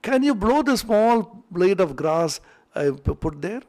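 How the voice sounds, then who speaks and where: A hushed, teasing male spirit who toys with boastful gods, speaking low and softly in a patronizing tone, as a male teacher puts him on while retelling a scripture story. The voice still sits fairly high for a man. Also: big pitch swings, measured pace. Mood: gently mocking. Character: calm, mocking male forest spirit who tests gods.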